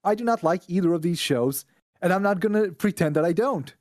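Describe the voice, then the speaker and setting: A man's voice: sits high, lively intonation, fairly quick, darkish tone, no echo, studio quality. A man from Israel, a podcast guest, ranting bluntly and profanely in casual chat.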